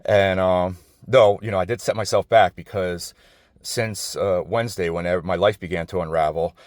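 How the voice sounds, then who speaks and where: Standing outside an office building, this middle-aged man from New Jersey vlogs a meandering, foul-mouthed personal monologue riddled with restarts. His low voice holds a steady tone at normal speed, recorded dry and at studio quality.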